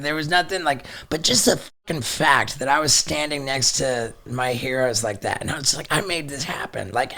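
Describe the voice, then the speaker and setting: Animated, swearing middle-aged man telling a story. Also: a little high. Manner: animated, swears a lot, many restarts. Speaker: podcast guest. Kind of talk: casual storytelling chat.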